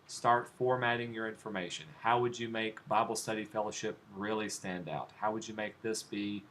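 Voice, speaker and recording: Man, design teacher, low voice, relaxed step-by-step demo, faint background hiss. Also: normal speed. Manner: relaxed, talks while clicking through steps, asks students questions. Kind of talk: live classroom software demonstration.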